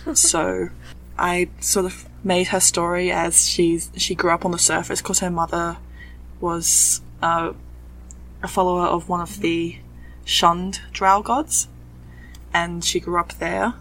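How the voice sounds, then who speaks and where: A woman with a soft Australian accent that leans English, chatting at length as a podcast guest. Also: on the low side, level tone, slow, slight background noise, low-quality recording. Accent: soft Australian, leaning English. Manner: chatty, explains at length with fillers. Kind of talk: casual podcast chat.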